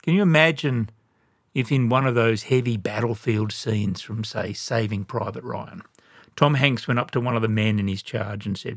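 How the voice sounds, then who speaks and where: A man's voice: on the low side, moderate pace, dry recording, studio quality. A male pastor preaching a sermon, emphatic and addressing the congregation with questions.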